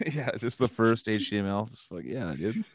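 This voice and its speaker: A man's voice: fairly low pitch, big pitch swings, normal speed. A man from California co-hosting a podcast, laid-back, laughing often and swearing a lot in casual chat. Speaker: podcast co-host. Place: podcast studio. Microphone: studio mic.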